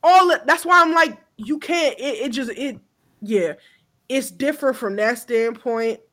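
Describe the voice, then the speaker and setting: A woman's voice: high voice, measured pace, pushed and bright. A woman around thirty co-hosting a podcast, talking in a blunt, profane and impassioned way, often restarting her sentences. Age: about 30. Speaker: podcast co-host. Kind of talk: casual chat.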